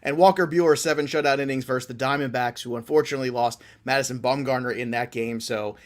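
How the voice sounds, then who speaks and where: A man's voice: mid-range voice, fairly even intonation, quick pace. A man hosting a live fantasy baseball podcast, joking with his co-host and reading out the viewer chat. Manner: playful, teasing, upbeat. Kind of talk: casual fantasy baseball talk.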